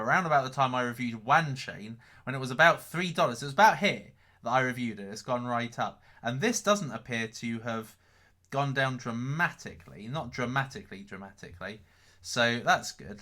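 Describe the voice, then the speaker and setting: A man's voice: medium pitch, pushed and bright. A man hosting a casual live stream, reading out chat questions. He rambles, repeats his own phrases and swears offhand. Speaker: crypto livestream host.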